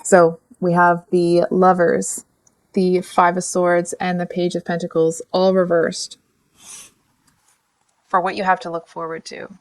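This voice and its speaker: A woman giving a casual, frank tarot reading, chatty and animated, often breaking off to correct herself. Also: lowish voice, unhurried. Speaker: tarot reader.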